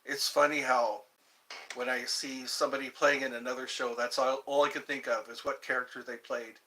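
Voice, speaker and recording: A man's voice: medium pitch, flat delivery, moderate pace, bright, forceful tone, slight background noise. A man hosting a livestream, chatting casually and rambling with frequent chuckles. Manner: chuckling, drifting between impressions. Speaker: livestream host.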